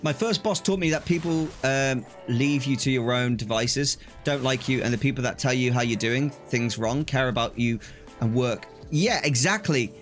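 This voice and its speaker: A man's voice: mid-range voice, normal speed, soft background music. A young man chatting casually on a live stream, telling stories animatedly, acting out quoted exchanges and laughing often.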